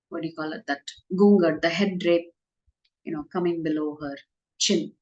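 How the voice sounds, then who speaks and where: A woman speaking at a devotional class tells a religious story conversationally, using fillers and light laughs. Her voice is fairly low and a little mellow, and the room sounds echoey.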